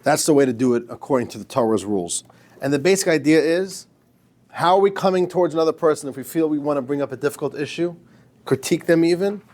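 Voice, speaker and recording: A man's voice: on the high side, lively intonation, fast talker, a little mellow. A man, a rabbi, giving an informal, emphatic lecture to a class, joking with his students.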